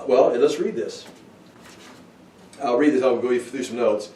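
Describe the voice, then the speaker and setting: A man's voice: mid-range voice, unhurried, warm tone. Roomy, distant man teaching Bible study. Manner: thinking aloud, with restarts and asides. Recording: roomy, from far off the mic.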